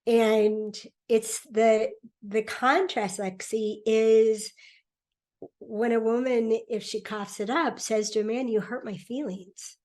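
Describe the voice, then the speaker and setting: A middle-aged woman speaking as a podcast guest in a relaxed conversation, animated and laughing often as she acts out quoted voices. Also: fairly high pitch, takes it slowly. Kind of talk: conversational interview.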